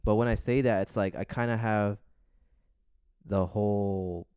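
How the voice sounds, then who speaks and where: A man with a very low, resonant voice co-hosts a casual podcast, rambling in a relaxed, meandering way and swearing freely. He talks a little slowly and clearly. The sound is dry and close, with no echo.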